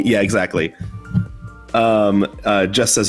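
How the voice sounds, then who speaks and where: Laughing low-voiced man hosting a chat. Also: takes it slowly, faint music behind. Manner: chatty, laughs often, self-interrupting. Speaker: host. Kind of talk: casual online chat.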